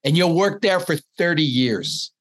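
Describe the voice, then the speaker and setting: Husky Midwestern man, sarcastic storyteller. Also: fairly high pitch, unhurried. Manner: animated storytelling, sarcastic, swears freely. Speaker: podcast co-host. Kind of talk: casual podcast discussion over video call.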